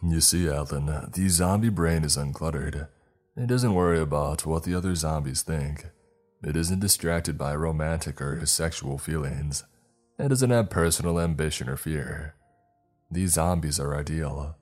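A man reading the part of a proud, secretive male official who lectures in a smooth, self-assured way. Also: a bass voice, a little slow, a little mellow, soft background music. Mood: smug. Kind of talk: read-aloud dialogue in a horror story.

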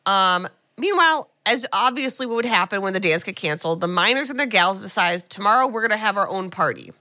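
A woman's voice: mid-range voice, animated, a little fast, pushed and bright, dry recording, clean studio sound. A woman co-hosting a podcast, casually recapping a movie and acting out characters' lines with sarcastic asides. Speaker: podcast co-host. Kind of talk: casual film recap chat.

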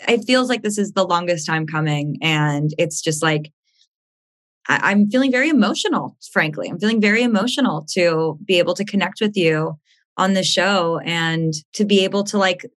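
A woman's voice: on the low side, normal speed. A young woman hosting an astrology podcast, gushing and rambling in casual chat, laughing often.

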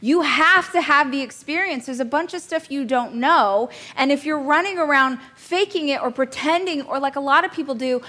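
A woman's voice: high voice, normal speed, bright, forceful tone. A woman in her thirties teaching a business coaching class in a chatty, joking way, laughing at herself now and then. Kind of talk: casual coaching class talk.

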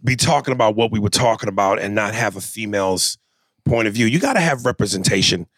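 A man hosting a podcast, chatting casually and reading out a listener email with drawn-out fillers. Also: on the low side, lively intonation, fairly bright tone, no echo. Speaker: podcast host.

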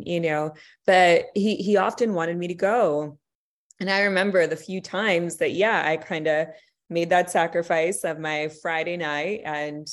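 Earnest, rambling woman podcast guest. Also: fairly low pitch. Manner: earnest, rambling, many restarts and laughs. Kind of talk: casual chat.

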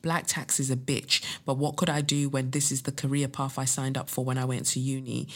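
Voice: medium pitch, little pitch movement, fairly quick. A podcast host who reads out a listener's letter, then rants bluntly, swearing and firing off rhetorical questions. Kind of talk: solo podcast monologue, reading a listener letter and ranting.

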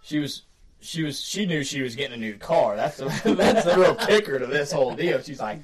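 A man casually telling a long, excited hunting story on a podcast, laughing often and getting animated. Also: on the high side, normal speed, over a noisy crowd.

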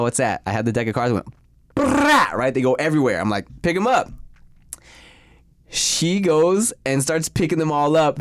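A young man co-hosting a podcast, telling stories casually and loudly acting out the voices he quotes. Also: medium pitch, clear, resonant tone, dry recording, clean studio sound. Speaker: podcast co-host. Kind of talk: casual storytelling.

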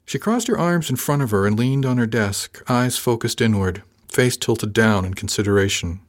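A man's voice: fairly low pitch, normal speed. A man narrating a first-person audiobook in a dry, understated way.

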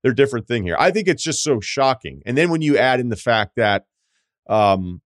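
A man's voice: mid-range voice, sing-song, moderate pace, dry recording, studio quality. A man hosting a podcast advice segment, reading listener letters aloud and answering in a candid, joking way with rambling asides. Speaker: podcast host.

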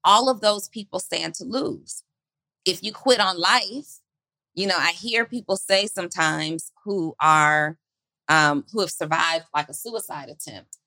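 A woman's voice: on the low side, measured pace, sharp tone, no echo. A woman on a podcast giving an earnest motivational talk, asking her listeners question after question. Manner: earnest, rhetorical questions, preacherly build.

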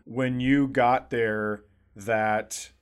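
A man's voice: mid-range voice, steady tone, extremely slow, clean tone. A podcast co-host in easy conversation with friends. He tosses in short reactions and jokes, chuckling along. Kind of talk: casual chat.

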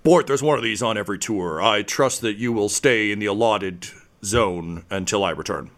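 A man's voice: on the low side, normal speed, a bit bright, close to an everyday voice. A man voicing a brusque, bossy female tour guide in a tabletop game. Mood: curt.

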